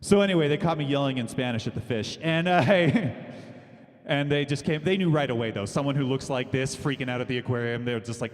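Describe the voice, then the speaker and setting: A man's voice: medium pitch, a little fast. A man doing a rambling, self-deprecating stand-up comedy set at an open mic, laughing between his jokes. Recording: long hall reverb.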